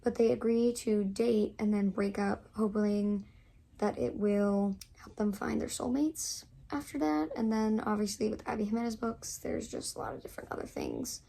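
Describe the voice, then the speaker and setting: A woman's voice: mid-range voice, lively intonation, moderate pace, vocal fry, warm tone. A young woman in her twenties chatting casually to camera as a book vlogger, gushing and full of fillers.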